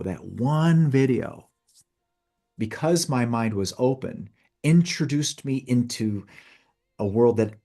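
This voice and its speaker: A man's voice: fairly low pitch, vocal fry, darkish tone, breathy edge. A man in his fifties giving an earnest motivational talk as a coach, telling his own story and speaking straight to the listener.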